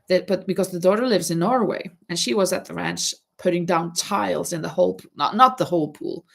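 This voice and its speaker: Knitting on a casual livestream, this host chats directly with her viewers in a fairly low, fairly bright, creaky voice at a fairly quick pace. Her talk rambles and hesitates, with frequent restarts.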